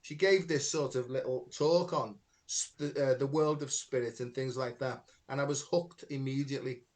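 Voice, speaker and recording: A man's voice: mid-range voice, steady tone, moderate pace, a little mellow. Chatty man. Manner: rambling, chatty, many fillers like "you know" and "right". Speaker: podcast host, spiritual healer. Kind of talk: casual conversation, storytelling.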